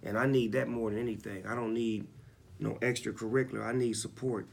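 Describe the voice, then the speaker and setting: A man's voice: mid-range voice, little pitch movement, fairly quick, creaky. A man in his forties talking candidly in an interview, laid-back and reflective, often checking in with "you know what I'm saying". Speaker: interviewed rapper.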